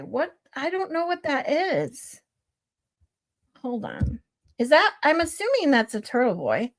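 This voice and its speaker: Woman streamer, casual and chatty, lively pitch, reacting to clips. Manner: chatty, amused, talking to chat. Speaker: streamer host.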